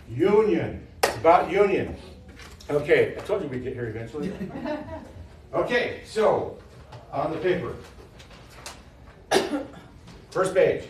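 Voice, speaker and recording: A man's voice: medium pitch, heavy reverb, recorded from a distance, slight background noise. A man teaching an informal sermon to a live audience, talking conversationally, repeating key phrases and laughing with the listeners. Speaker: preacher teaching a session.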